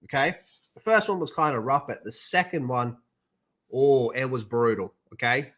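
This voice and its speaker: A man's voice: mid-range voice, normal speed, fairly bright tone. A young man streaming, chatting and ranting in a casual, profane way.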